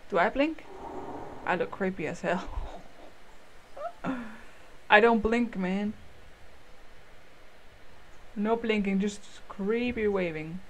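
Woman gamer doing casual let's play commentary, playful, goofy, with game audio clearly audible behind. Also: medium pitch, slight background noise. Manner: chatty, playful, goofy asides. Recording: game sounds loud behind voice. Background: game audio, dinosaur calls.

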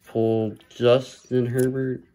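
A man talks his way through a stack of card packs in a slow, unhurried voice, muttering hopeful commentary as he goes. His tone is mellow and dark, with a faint hiss of noise behind him. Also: medium pitch, little pitch movement, rough recording. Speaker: card collector opening packs. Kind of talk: casual pack-opening commentary.

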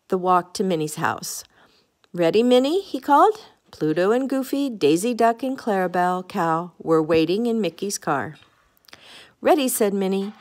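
A woman reads a children's picture book aloud at an ordinary pitch for a woman. Her reading is homey and unpolished, with small stumbles she catches and fixes as she goes. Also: darkish tone. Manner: homey read-aloud with small slips and self-corrections. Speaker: storybook reader.

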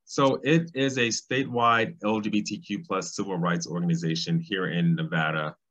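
A man, speaking as a guest in an interview, thoughtful and pausing often with ums. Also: low-pitched, steady tone, a bit bright. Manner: thoughtful, with frequent ums and restarts. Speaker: guest, civil rights state director. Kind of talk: casual interview conversation. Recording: slightly dull, lo-fi sound.

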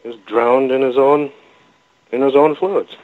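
A man being interviewed as a researcher, telling a story in a halting, rambling way with frequent restarts, heard over a phone call. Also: medium pitch, fairly even intonation. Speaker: guest, cryptid researcher. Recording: phone-line call-in audio.

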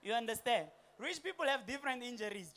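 High-voiced South African comedian on stage. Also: male voice, fast talker. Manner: animated, slips into voices and township slang. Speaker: stand-up comedian. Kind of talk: stand-up comedy set. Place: comedy stage before a live audience.

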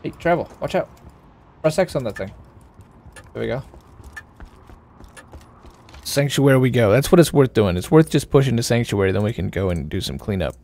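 A man's voice: fairly low pitch, very animated, a little fast, dark tone, a little hiss or hum. Chatty male game streamer. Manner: chatty, coaching a teammate through fights. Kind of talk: casual gameplay commentary.

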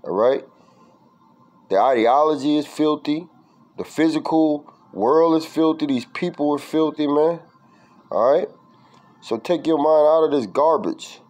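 A man's voice: a little high, unhurried, pauses often, a little mellow, poor audio. A man preaching informally from scripture, reading verses and word definitions aloud in a street-style, profane way, ending lines with "man". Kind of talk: informal scripture study talk.

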